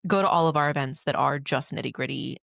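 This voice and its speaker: A woman's voice: deep voice, quick pace, gravelly, a bit bright, no room sound, studio quality. A woman co-hosting a casual podcast chat, talking in a loose, filler-heavy way and acting out remembered quotes. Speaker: podcast co-host.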